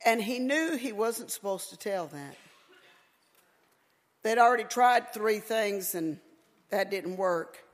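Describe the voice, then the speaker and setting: A woman preacher delivering a sermon, emphatic and folksy, her voice rising toward near-shouts in a church. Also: mid-range voice, lively intonation, takes it slowly, long pauses. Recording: echoey hall with long reverb.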